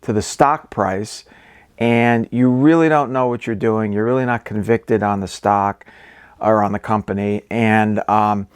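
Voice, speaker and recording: A man's voice: fairly low pitch, steady tone, unhurried, clear, resonant tone, no echo, studio quality. A man hosting an investing channel, explaining stock basics in casual talk full of ums, okays and restarts. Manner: conversational, many ums and okays.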